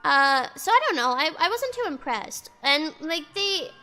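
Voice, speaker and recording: A woman's voice: sits high, sing-song, normal speed, bright, forceful tone. A young woman ranting casually in a vlog, rambling with lots of "like" and swearing freely, with faint music in the background. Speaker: vlogger. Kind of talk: casual storytime rant. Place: indoors, outside noise audible.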